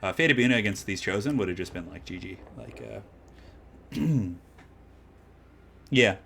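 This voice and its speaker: Male streamer-caster, animated pitch, talks through plays, faint background hum. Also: unhurried, creaky. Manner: excitable, swings from calm analysis to shouting hype. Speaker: streamer casting a tournament match. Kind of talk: live game commentary.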